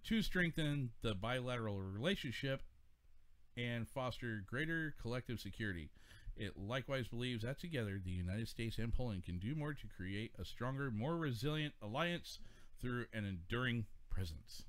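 A man in his forties reads news stories aloud on a casual talk radio show, then riffs on them with his co-hosts. His voice sits at an ordinary middle pitch. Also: expressive, moderate pace, a bit bright.

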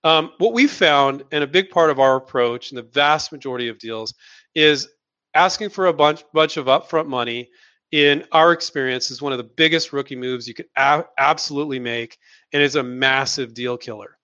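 A man's voice: mid-range voice, normal speed, bright, forceful tone, dull audio. A man hosting a live question-and-answer session, giving blunt, emphatic advice and repeating words for stress. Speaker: host answering viewer questions.

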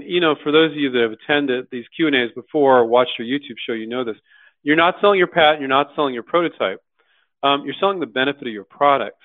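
A man hosting a live question-and-answer session, speaking bluntly and casually and acting out quoted voices with lively jumps in pitch. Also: no room sound. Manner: animated, acts out quoted voices, blunt and slangy. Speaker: host answering viewer questions. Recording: dry tinny phone-like sound.

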